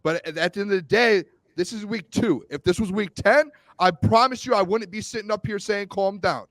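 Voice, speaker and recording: A man's voice: high voice, brisk, fairly bright tone, no echo. A man co-hosting a sports podcast, arguing defensively and stumbling over his words in a heated debate. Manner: defensive, stammering restarts. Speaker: co-host.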